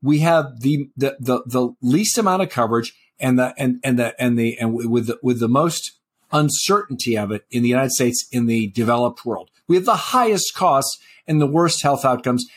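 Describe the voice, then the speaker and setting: A man's voice: mid-range voice, moderate pace, a little hiss or hum. A man co-hosting a health policy talk show, arguing in a pointed, impassioned way. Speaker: podcast co-host. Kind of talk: casual policy discussion.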